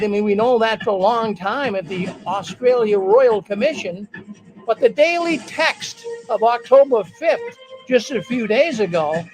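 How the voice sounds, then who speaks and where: A man's voice: extremely high pitch, rough recording. A man hosting a live online news show, talking straight to his viewers in a casual, emphatic way. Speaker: livestream news show host.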